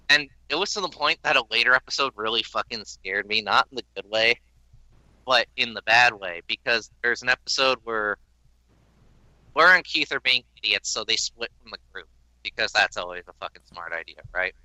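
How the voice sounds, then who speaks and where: A man's voice: medium pitch, lively intonation, moderate pace, bright, forceful tone, dry recording, rough recording. A man ranting sarcastically and with a lot of swearing about a cartoon reboot on a casual podcast. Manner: profane, exasperated, sarcastic. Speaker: podcast host.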